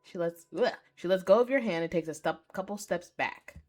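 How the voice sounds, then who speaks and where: A woman streamer reading a story game aloud live, excitable, swearing and reacting loudly between passages. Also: fairly low pitch, fairly quick, faint music behind. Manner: excitable, swears, squeals at cute moments.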